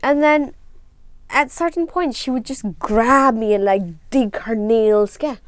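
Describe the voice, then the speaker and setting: A woman's voice: a little high, unhurried, dry recording, studio quality. A young woman with a Nepali accent, co-hosting a podcast and telling a story in a frank, indignant way. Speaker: podcast co-host. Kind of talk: casual chat.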